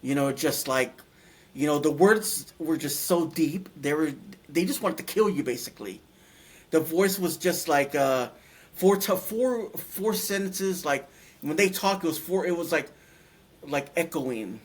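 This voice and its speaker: A middle-aged man recounts a personal story in a casual, halting way. He stops and restarts often and fills gaps with fillers. His voice sits a little higher than most men's. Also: expressive. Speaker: interview guest.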